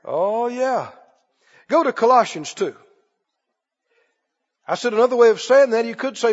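Speaking a little slowly and pausing often, a preacher with a very high, animated voice drives his sermon home through emphatic repetition. He calls for the congregation to respond, captured in dull lo-fi audio with long hall reverb.

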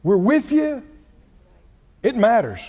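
A man preaching a sermon, telling the story with lively swings in his voice and acting out the people in it. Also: very high-pitched, takes it slowly. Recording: reverberant hall.

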